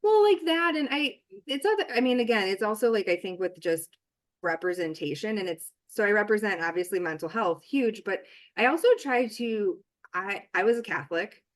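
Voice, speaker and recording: A woman's voice: medium pitch, expressive, normal speed. A woman author in a casual podcast conversation, talking in a rambling way with many restarts and fillers.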